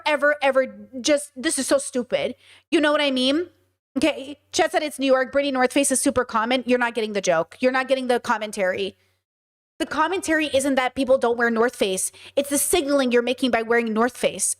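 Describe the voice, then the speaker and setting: A woman hosting a live stream, reacting to protest footage with blunt, profane commentary that repeats points for emphasis. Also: high-pitched. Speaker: host.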